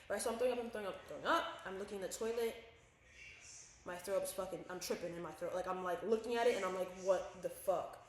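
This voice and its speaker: A woman's voice: medium pitch, slight background noise. A young woman co-hosting a podcast, telling a story in casual, profane chat and acting out her own quotes. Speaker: podcast co-host. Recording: very echoey room.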